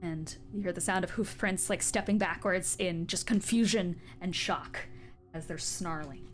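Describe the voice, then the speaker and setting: A woman's voice: lowish voice, normal speed, music in the background. A woman narrating as game master in a casual, giggly way.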